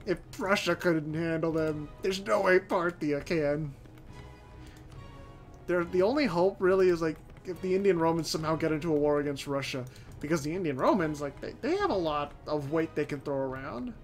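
Over faint background music, a man with a fairly high voice hosts a relaxed let's-play for his strategy game channel at a normal speed. He thinks out loud, swears often, and stumbles over his sentences.

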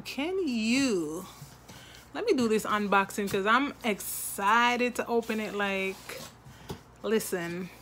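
A woman unboxing a gift box in a vlog, gushing and excitable, often repeating her words. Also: medium pitch, a little hiss or hum. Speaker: product reviewer.

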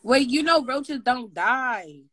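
A woman's voice: high voice, expressive, slow, a bit bright, no echo. A woman chatting casually on a livestream, teasing and reacting as she listens to a story. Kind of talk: casual chat.

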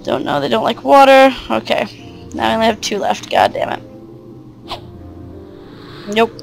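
A woman's voice: fairly high pitch, huge pitch swings, moderate pace, gravelly, soft background music, poor audio. A woman giving casual let's play commentary, chatty with muttered asides and mild swearing. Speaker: game player.

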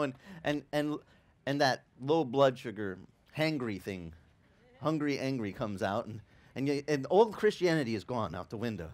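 A man preaching a sermon as pastor, telling lively stories with acted-out quotes and frequent stammered restarts. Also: medium pitch, normal speed. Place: church.

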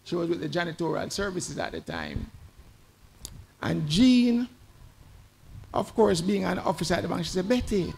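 Gravelly man telling a eulogy. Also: high voice, normal speed, pauses often, slight background noise. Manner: conversational, animated in the anecdotes. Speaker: tribute speaker at a funeral. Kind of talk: storytelling eulogy. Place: church.

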